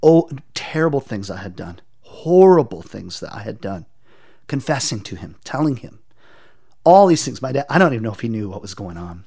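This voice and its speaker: Earnest man giving halting testimony. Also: mid-range voice, sing-song, gravelly, darkish tone. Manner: halting, repeats words while searching for them. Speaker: interview guest. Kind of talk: personal testimony in an interview.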